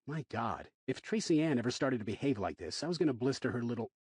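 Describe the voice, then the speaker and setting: Husky male narrator, wry and animated, close dry read for a thriller. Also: mid-range voice, fast talker, no echo. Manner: wry, expressive storytelling. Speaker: audiobook narrator. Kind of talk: first-person audiobook narration.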